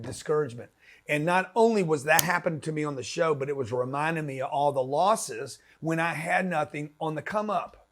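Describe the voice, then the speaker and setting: A man giving a blunt, slangy motivational talk, punchy and direct, often acting out quoted voices. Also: fairly high pitch. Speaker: motivational business speaker.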